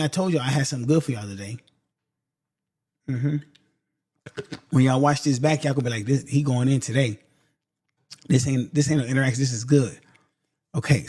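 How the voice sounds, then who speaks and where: In a dry, studio-quality recording, a male podcast host with a warm, mid-range voice delivers a casual pep talk directly to his listeners, calling them "y'all." He stresses his points emphatically by saying them again and again.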